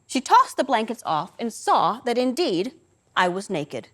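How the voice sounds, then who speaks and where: A woman's voice: a little high, big pitch swings, unhurried, fairly bright tone. An older woman performing a wry, dramatic storytelling monologue on a theatre stage.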